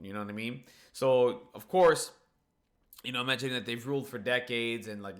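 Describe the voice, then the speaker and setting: A man giving a casual, excited spoken recap of a manga chapter, swearing freely and filling his talk with "like" and "you know". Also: medium pitch, normal speed.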